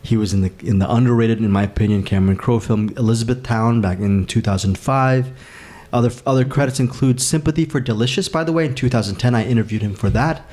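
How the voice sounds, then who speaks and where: A man's voice: mid-range voice, fast talker, darkish tone. A man hosting a podcast, chatting casually and rambling through film trivia with frequent self-corrections. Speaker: podcast host.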